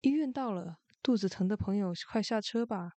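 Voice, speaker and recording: A woman's voice: mid-range voice, a little fast, mellow, no echo, lightly acted. A woman voicing a friendly, helpful big wooden barrel that gives rides, in a storybook reading. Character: kind big wooden barrel car, gentle, later angry.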